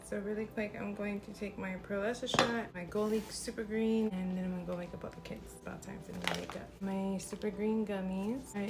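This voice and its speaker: A woman in her thirties, a mother of four, chatting casually and upbeat straight to camera while tired. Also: fairly low pitch. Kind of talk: casual vlog chat. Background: music.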